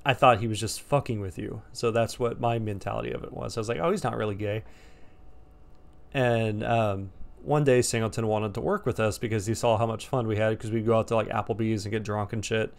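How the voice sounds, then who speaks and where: A man's voice: on the low side, creaky, a little mellow. A man around thirty telling a casual storytime story in a rambling, profane, laid-back way. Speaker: storyteller vlogger.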